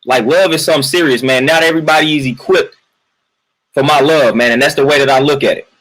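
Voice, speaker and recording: A man's voice: mid-range voice, steady tone, quick pace, a bit bright, rough recording. A man venting in a casual livestream monologue. He repeats his points emphatically, keeps tagging lines with "man" and greets viewers from the chat in between. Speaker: livestream host.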